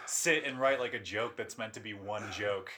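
A man's voice: on the low side, moderate pace, pushed and bright. A man chatting casually as a stand-up comedian, talking loosely with frequent laughs. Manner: laughs often, talks about impressions and improv. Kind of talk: casual chat.

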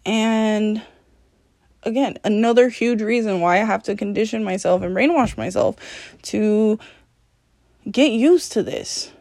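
A woman's voice: mid-range voice, a little slow, long pauses, darkish tone. A woman hosting her own podcast, talking candidly and alone, swearing freely, mocking herself and laughing often. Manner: profane, self-deprecating, laughs often. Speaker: podcast host. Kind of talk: candid solo podcast monologue.

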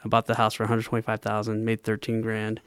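A man speaking as a podcast guest, retelling his first deal in a steady, plain way. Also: on the low side, quick pace, smooth, no room sound, clean studio sound. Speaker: guest, real estate entrepreneur. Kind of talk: casual podcast interview.

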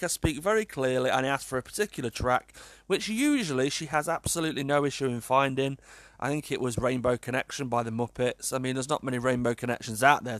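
A young British man talks casually to his viewers, exasperated and joking, with a fairly high voice. The recording is dry and close, with little room sound. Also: a bit bright, dry recording. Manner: chatty, exasperated, swears and laughs often. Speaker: vlogger. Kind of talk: casual chat to camera.

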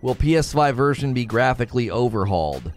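A man's voice: a little fast, soft background music. A man hosting a casual livestream, reading viewer comments from home and ranting with lots of laughter. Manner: animated, laughing, rants with rising pitch. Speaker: livestream host. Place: home room.

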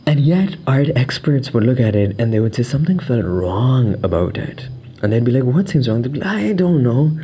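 A man's voice: medium pitch, expressive, brisk, slight background noise. Musing young man. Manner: musing, mixes in Urdu phrases, drops into hushed whispers. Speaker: podcast host. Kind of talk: reflective monologue.

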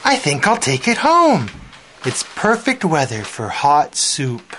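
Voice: mid-range voice, huge pitch swings, slow, fairly bright tone, a little hiss or hum, heavily acted. Man voicing a plain, unbothered woman in a storybook. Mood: pleased. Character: ordinary woman making soup, unbothered.

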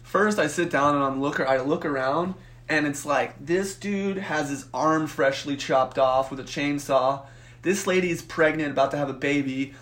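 A young man co-hosting a podcast, telling a profane story in a casual, animated way and acting out the voices in it. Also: fairly high pitch, normal speed. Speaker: podcast co-host.

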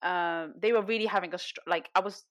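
A woman's voice: lowish voice, fairly quick. A young woman, a podcast guest telling stories in casual chat, full of fillers and laughter. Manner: animated storyteller, lots of fillers and laughter.

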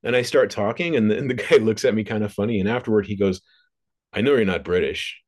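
A man's voice: on the low side, fast, a little mellow. A man hosting an interview, chatty and loose, laughing easily as he tells stories. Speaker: podcast host. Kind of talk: casual interview conversation.

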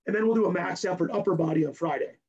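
A strength coach, a man, explaining his training program in rapid, technical detail in a podcast interview while hoarse from losing his voice. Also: high-pitched, a little mellow, dull audio. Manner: rapid and technical, keeps tagging "right?".

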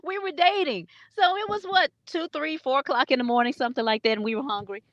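A woman's voice: high voice, fast, dry recording, highs cut off. A middle-aged woman, co-hosting a casual podcast chat and telling stories with lots of laughter and acted-out quotes. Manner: animated storyteller, laughs often, acts out quotes. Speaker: co-host.

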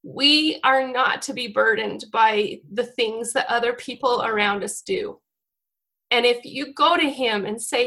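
Woman, forties, church devotional talk, heartfelt, close to tears, halting restarts, bright tense voice. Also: fairly high pitch. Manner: heartfelt and emotional, with frequent restarts. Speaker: church speaker.

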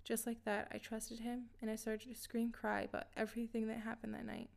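A woman reading a scripted first-person story in a steady, even way. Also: on the high side, a little fast, gravelly. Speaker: narrator.

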